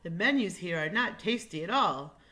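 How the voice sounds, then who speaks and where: A woman's voice: on the low side, lively intonation, normal speed, pushed and bright. A woman doing a fussy storybook waiter. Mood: prim. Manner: prim, exclamatory. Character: fussy, polite restaurant waiter, male.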